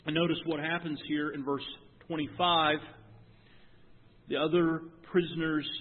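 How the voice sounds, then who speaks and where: Male pastor, emphatic preaching with swings from loud to hushed, slightly higher voice, tinny phone-like recording with long hall reverb. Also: little pitch movement, measured pace. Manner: emphatic preaching, rising to near shouts and dropping to hushed tones. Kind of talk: sermon.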